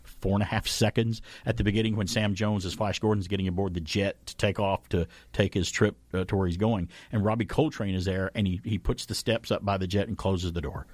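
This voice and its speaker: A man's voice: fairly low pitch, darkish tone, no echo. A man hosting a talk radio show, chatting at length and correcting himself as he rambles along. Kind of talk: casual chat radio talk. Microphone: studio microphone.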